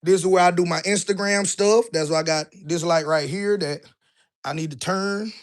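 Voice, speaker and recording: A man's voice: sits high, fairly even intonation, normal speed. Chatty man giving a live-stream house tour. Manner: loose, chatty, keeps asking "right?". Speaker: online business coach. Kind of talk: casual walk-through live stream. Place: indoors in a house, walking room to room.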